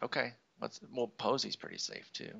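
A man's voice: medium pitch, huge pitch swings, normal speed, creaky, pushed and bright, lo-fi sound. A man co-hosting a podcast, chatting casually while drafting a fantasy team and breaking into frustrated, swearing outbursts. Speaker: podcast co-host. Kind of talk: casual chat during a live fantasy draft.

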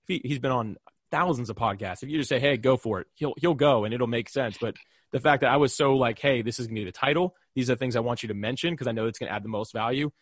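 A young man speaks rapidly and dryly, a podcast guest swapping stories. His telling is animated, full of quick asides and bits of acted-out dialogue. The sound is close and dead, with no room around it. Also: mid-range voice, husky, no echo. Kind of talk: casual storytelling in conversation.

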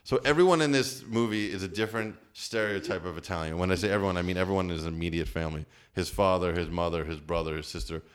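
Deep-voiced joking man from New Jersey. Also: steady tone, fast, hardly any pauses, clean tone. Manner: joking, rambling, stumbles over words. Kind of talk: casual chat.

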